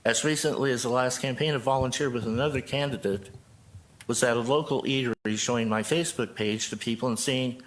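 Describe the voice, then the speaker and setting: An older man from Joplin speaks at a council podium microphone, reading a prepared statement in an earnest, measured way. His voice is mid-pitched and steady. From Joplin, Missouri. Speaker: pastor speaking at public comment. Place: city council chamber.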